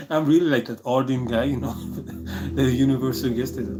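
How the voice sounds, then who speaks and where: A man talking casually on his livestream, bragging and swearing freely with frequent short chuckles. Loud music plays behind his mid-pitched voice throughout. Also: poor audio. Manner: boastful, profane, chuckling often.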